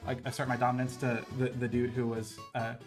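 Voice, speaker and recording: A man's voice: mid-range voice, monotone, brisk, over music. A young man telling a story in a casual, rambling streamer style, full of filler words and swearing.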